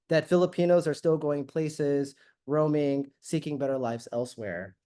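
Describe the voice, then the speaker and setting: A man giving an academic guest lecture as a university professor, speaking in a measured way and reading prepared text with the occasional filler. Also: a little high, mellow.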